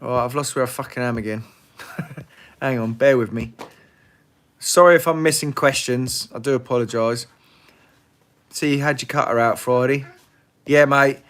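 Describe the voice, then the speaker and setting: A man's voice: medium pitch, moderate pace, long pauses, fairly bright tone. A man hosting a casual live Q&A, blunt and swearing freely, laughing often. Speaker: livestream host.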